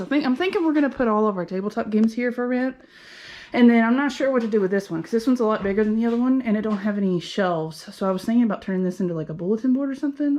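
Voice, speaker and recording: A woman's voice: mid-range voice, dark tone. A woman giving a casual, upbeat walking tour of an empty commercial unit, thinking aloud as she goes. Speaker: vlogger and game lounge owner.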